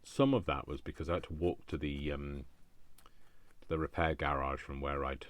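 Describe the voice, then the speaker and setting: Male craft host, very low voice, chatty self-talk with jokey asides. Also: steady tone, moderate pace, no echo. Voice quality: deep voice. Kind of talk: thinking aloud while crafting.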